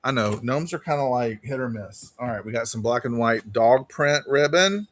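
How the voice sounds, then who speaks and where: A man hosting a live online auction stream, chatting casually and quickly calling bids while greeting viewers by name. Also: medium pitch, no echo.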